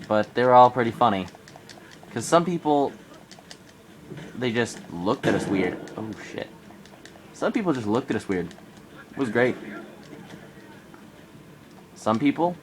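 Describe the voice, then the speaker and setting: A teenage man from Arizona with a cold, telling a rambling camping story in a casual vlog. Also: slight background noise. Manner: rambling, animated in quoted bits. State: coming down with a cold. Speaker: vlogger. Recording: faint background ambience, low quality.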